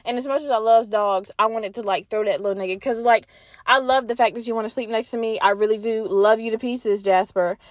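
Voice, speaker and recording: A young woman with a fairly high voice tells a story on her own podcast, swearing freely and talking to her listeners as "y'all." The sound is dry and close, with no room echo. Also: a little fast. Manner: profane, animated, addresses listeners as y'all. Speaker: podcast host. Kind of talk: casual storytelling monologue.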